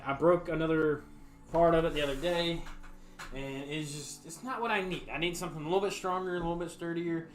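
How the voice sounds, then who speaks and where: A man, casually chatting to viewers on a livestream from his home bar room, rambling and folksy with lots of fillers. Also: a little high. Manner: rambling, laid-back, folksy, frequent fillers. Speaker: livestream host. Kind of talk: casual chat to a live stream. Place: home bar room with sound foam on the walls.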